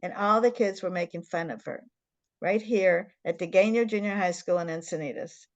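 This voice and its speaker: A woman's voice: fairly low pitch, normal speed, no echo, muffled recording. An older woman hosting an interview, telling a story in an earnest, emphatic way over a video call. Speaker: interview host.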